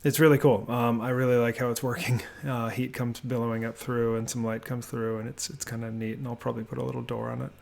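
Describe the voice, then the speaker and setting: A man giving a relaxed, rambling voiceover house tour from his home office, with many fillers and restarts. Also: mid-range voice, quick pace, vocal fry, few pauses. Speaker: homebuilding vlogger.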